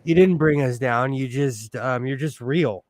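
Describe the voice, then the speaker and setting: A man's voice: medium pitch, a little slow, no echo. A man, hosting a casual livestream while he sews, rambling and sentimental with lots of fillers. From United States. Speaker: host.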